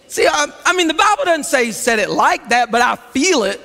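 A man preaching a sermon in an animated, conversational storytelling way. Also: very high-pitched, fairly quick. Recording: long hall reverb.

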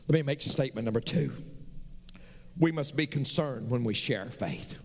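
A man's voice: medium pitch, lively intonation, brisk, vocal fry, breathy edge. A middle-aged man, preaching a sermon as pastor with emphatic, repetitive phrasing in a large church sanctuary. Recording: long reverb of a large church hall.

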